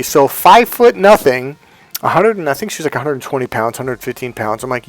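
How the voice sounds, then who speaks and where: Animated, swearing motivational man. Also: normal speed, dry recording, soft background music. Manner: swings from fired-up to low and hushed, swears freely. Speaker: motivational speaker. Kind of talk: storytelling monologue.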